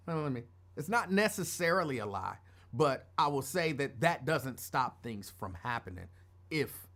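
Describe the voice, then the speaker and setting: A man's voice: medium pitch, fairly bright tone. A middle-aged man hosting a show, telling a personal story in a casual, rambling way that drifts off topic. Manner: rambling, digressive, conversational. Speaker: radio show host.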